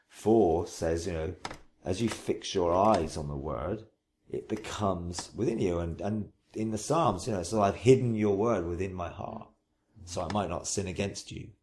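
A preacher talking earnestly in an interview about his faith, unhurried, often restarting and repeating phrases, and slowing to recite scripture with emphasis. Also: on the low side, a little mellow, slight background noise. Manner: slow, emphatic recitation when quoting scripture. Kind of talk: reflective interview testimony.

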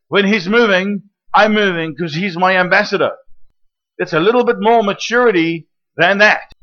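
Casting: male preacher, high voice, animated teaching delivery that keeps checking in with the room, dull lo-fi recording. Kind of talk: sermon.

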